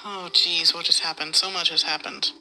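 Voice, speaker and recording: A young woman co-hosting a podcast, chatting casually and excitably about a book she is reading, swearing freely and gushing over every twist. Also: low-pitched, normal speed, rough recording. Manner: excitable, swears a lot, gushes over the story. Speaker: podcast co-host.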